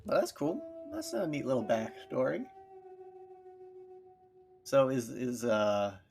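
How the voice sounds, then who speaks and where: A man talks casually through a live game stream, thinking out loud and repeating viewers' questions back to them. His voice sits at an average pitch. A loud game soundtrack plays under his talk. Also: big pitch swings, slow pace, gravelly. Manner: rambling, thinks aloud and reads chat questions back. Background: loud game soundtrack music.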